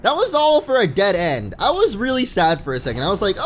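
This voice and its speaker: A young let's play gamer rambles chattily while playing a video game, reading the game text aloud as faint game music plays behind him. His high voice swoops wildly in pitch and moves a little fast with few pauses.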